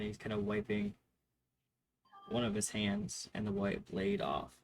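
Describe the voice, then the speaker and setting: A man's voice: mid-range voice, very animated, normal speed, gravelly, a little mellow, slight background noise, rough recording. Hesitant male game master narrating. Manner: hesitant, many fillers.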